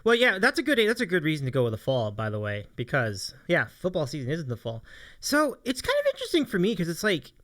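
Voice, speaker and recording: A man with a bright, forceful voice that swings widely in pitch, co-hosting a casual streamed chat show. He is upbeat and enthusiastic, often repeating his words, and talks into a desk mic. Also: wildly swooping pitch, quick pace. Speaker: podcast co-host.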